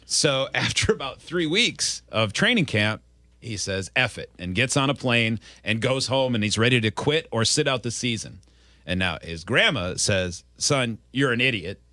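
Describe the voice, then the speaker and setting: A man hosting a casual sports interview, telling stories and quoting people with animated delivery. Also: mid-range voice, moderate pace, no room sound. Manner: storytelling, animated quotes. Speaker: radio host.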